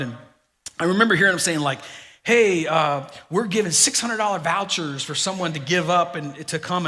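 A male pastor delivers his sermon in a bright, forward voice pitched a little high. He talks to the room like friends, telling stories and swinging from loud punchlines to quiet, hushed emphasis. His voice carries a long reverb from the large hall. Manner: conversational storytelling, dynamic swings from loud to hushed.

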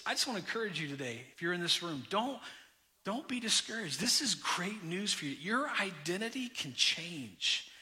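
A pastor with a bright, forceful voice preaches to his congregation, moving between personal anecdotes and direct appeals. His voice carries a long reverb from the church hall, and he sits a little above other men in pitch. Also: moderate pace. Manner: energetic storytelling preacher, direct address. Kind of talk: sermon.

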